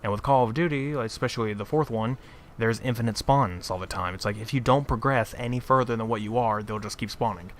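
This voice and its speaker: A man's voice: mid-range voice, fairly quick, slight background noise. A man chatting casually on a gaming podcast, blunt and opinionated, laughing at his own points. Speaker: podcast co-host. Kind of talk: casual chat.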